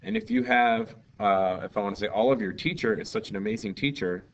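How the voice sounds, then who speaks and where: A man's voice: lowish voice, sing-song, brisk, vocal fry, slight background noise. A male Spanish teacher giving a lesson in an upbeat, jokey way, acting out little scenes. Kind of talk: recorded classroom lesson. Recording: distant, dull lo-fi mic with faint ambience.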